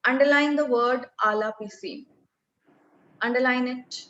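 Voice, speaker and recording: Patient Indian English teacher with a high voice. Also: female voice, steady tone, fairly bright tone, lo-fi sound. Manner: patient, explains slowly step by step. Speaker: French teacher. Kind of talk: online classroom lesson.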